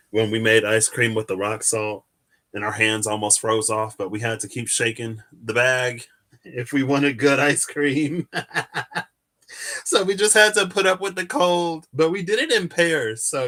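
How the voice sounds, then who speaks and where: A man's voice: medium pitch, moderate pace, a bit bright. A man hosting a live tarot stream, chatting casually and answering viewers' questions as he wanders through his thoughts.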